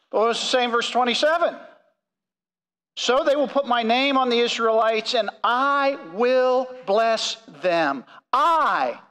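A male pastor preaching a sermon, earnest and emphatic, slowing down to stress key phrases. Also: high-pitched, a bit bright, long reverb tail, low-quality recording. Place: church sanctuary.

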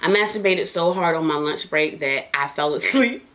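A woman's voice: sits low, expressive, moderate pace, a bit bright. A woman hosting a casual podcast while smoking, talking bluntly and profanely, joking, with laughs and coughs. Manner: laughs and coughs between lines. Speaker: podcast host.

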